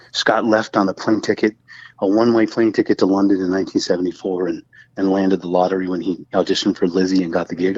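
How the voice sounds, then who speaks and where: A man's voice: deep voice, husky, no room sound. Guy rambling thru stories on a podcast, lots of you know what i mean, dry dull-ish sound. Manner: rambling, animated storyteller with many fillers. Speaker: guest musician. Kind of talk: casual chat.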